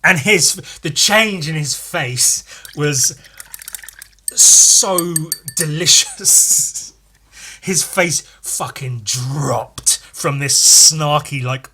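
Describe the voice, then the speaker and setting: A man's voice: fairly high pitch, extremely slow, pushed and bright. A young man hosting a podcast, telling stories in a sweary, sardonic way with frequent laughs. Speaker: podcast host. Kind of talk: casual storytelling monologue.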